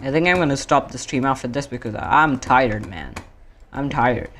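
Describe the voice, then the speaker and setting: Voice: mid-range voice, fairly bright tone, a little hiss or hum. A streamer from India chatting casually while gaming, rambling and often correcting himself mid-sentence. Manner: rambling, self-correcting, drawn-out fillers.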